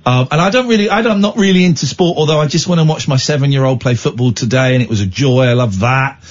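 A man's voice: mid-range voice, fast, lo-fi sound. A man hosting a late-night call-in radio show, teasing callers in a jokey, rambling way. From Britain. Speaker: radio host.

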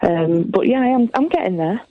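A woman's voice: mid-range voice, animated, a little fast, no echo. Earnest woman caller on a tinny phone line. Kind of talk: phone-in call.

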